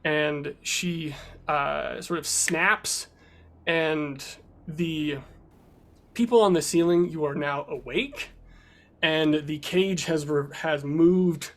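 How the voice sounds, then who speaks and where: A man with a somewhat high voice narrates a fantasy tabletop game as its game master. His delivery is loose and casual, full of fillers and restarts. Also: slow.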